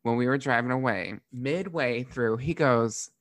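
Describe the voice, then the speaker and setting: Animated, profane young man telling stories. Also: mid-range voice, a little slow, no echo, studio quality. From Florida. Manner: animated, profane, laughs often. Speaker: podcast host, drag performer. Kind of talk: casual storytelling.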